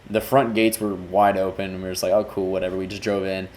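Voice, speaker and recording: A man's voice: low-pitched, level tone, a little fast, darkish tone. A man, a music video director, talking loosely through a breakdown of his work and restarting his sentences as he goes. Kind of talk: casual video breakdown commentary.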